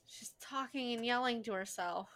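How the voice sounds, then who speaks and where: A woman giving casual, sarcastic running commentary on a film she is watching with a friend. She swears freely and talks in an animated way. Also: a little high, moderate pace. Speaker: co-host reacting to a film.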